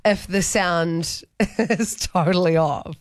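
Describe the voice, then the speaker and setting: A woman's voice: lowish voice, slow, no echo, studio quality. A woman co-hosting a breakfast radio show, chatting casually and animatedly and laughing often. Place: radio studio.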